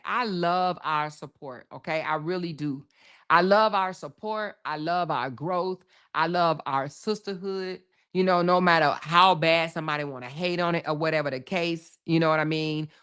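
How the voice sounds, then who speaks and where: A woman hosting a casual livestream, reading viewer comments aloud, laughing often and talking loud and profane. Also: low voice. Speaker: livestream host.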